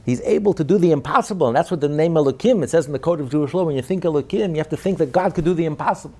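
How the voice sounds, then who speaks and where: A man giving a Torah lecture as a rabbi, emphatic, moving between loud declarations and quiet asides, with Hebrew terms throughout. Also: on the high side, rapid-fire.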